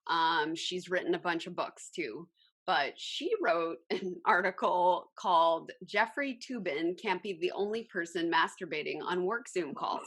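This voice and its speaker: Woman, podcast co-host, casual chat, halting with ums, unhurried, a bit low-pitched. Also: fairly bright tone. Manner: slow, halting, with many ums.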